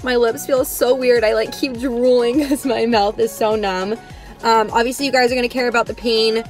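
A woman's voice: fairly high pitch, steady tone, normal speed, faint music behind. A young woman vlogging casually to camera from a car, chatty and emotional, full of "like" fillers.

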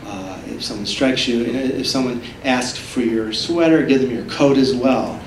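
A man's voice: mid-range voice, unhurried, crowd noise. Man lecturing animatedly in an echoey hall. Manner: animated storytelling, acts out voices in his retellings. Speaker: author giving a talk. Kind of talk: public lecture. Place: public library talk room. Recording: roomy library hall from a distance.

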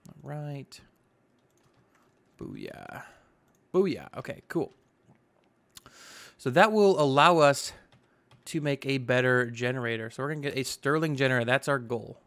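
In casual let's-play commentary, a gaming YouTuber talks chattily about his own play, thinking aloud and dropping in exclamations. His mid-range voice is a bit bright, at a moderate pace.

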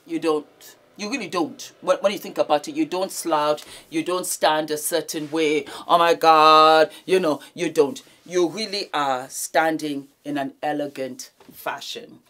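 A woman hosts an etiquette vlog in a low, unhurried voice. She swings from big, loud greetings to soft, hushed demonstrations, speaking slowly and carefully to her viewers. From Nigeria. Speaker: etiquette vlogger. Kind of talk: casual etiquette lesson to camera.

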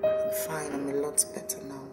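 A woman playing a troubled young woman who talks softly and haltingly. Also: low-pitched, flat delivery, lightly acted. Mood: subdued. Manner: soft, hesitant, halting. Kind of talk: film drama acting. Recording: echoey room with music under.

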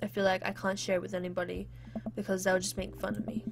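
Woman reading as a soft-spoken bookish teacher dad. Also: mid-range voice, level tone, quick pace, gravelly, background noise, lightly acted. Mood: earnest. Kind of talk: reading a game's dialogue aloud. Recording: game music playing behind.

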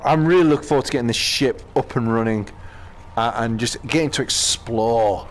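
A British man casually commenting as he plays a VR game, chatting to himself with quick exclamations. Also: medium pitch. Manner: chatty, talks to himself while playing, exclamations. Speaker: gaming channel host.

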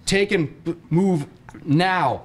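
A man reading aloud, voicing a young man who yells commanding orders down the phone. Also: high voice, slow, voice pushed up. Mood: yelling. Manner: shouting, commanding.

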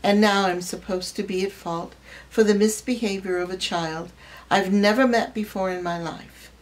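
A woman voicing a young companion's exasperated inner thoughts, soft and low in a storybook reading. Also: fairly even intonation, normal speed, natural voice, low-quality recording.

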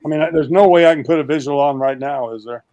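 An older man talks eagerly and emphatically, stacking up lists and restarting his sentences as he pitches. His voice sits a little high for a man and sounds close and dry. He is heard over a video call. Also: quick pace, dry recording. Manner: animated, emphatic listing, restarts. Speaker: guest. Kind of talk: enthusiastic pitch of a project.

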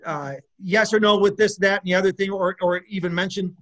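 Speaking briskly in a high, slightly bright voice with little pitch movement, a middle-aged man who is a guest musician talks casually in an interview. His answers ramble, full of restarts and laughter.

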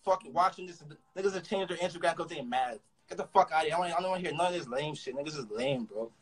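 A young man with a Toronto accent, ranting through a story fast and profanely, with frequent stammered restarts. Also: a little high, a bit bright, husky, low-quality recording. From Canada. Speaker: rapper. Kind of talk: casual storytelling rant.

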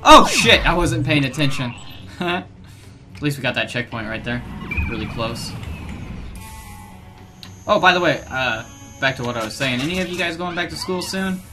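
A young man around twenty recording let's play commentary on a headset, excitable and given to loud, swearing outbursts of frustration. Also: fairly high pitch, moderate pace, long pauses. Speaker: gaming video host. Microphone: gaming headset. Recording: music playing underneath. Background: background music.

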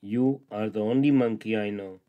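A man's voice: on the low side, moderate pace, phone-quality sound, close to an everyday voice. A man voicing a troubled male crocodile torn between his friend and his wife, in plain, earnest storybook dialogue. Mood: cold.

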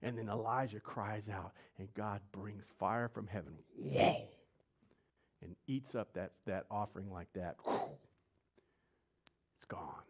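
A man preaching a sermon, telling the story in slangy, animated speech and asking his audience questions. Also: lowish voice, normal speed, few pauses.

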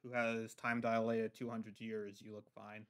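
A man roleplaying lore in casual chat, halting with many fillers and restarts. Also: lowish voice, monotone, a bit bright. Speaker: lore roleplayer playing a god figure.

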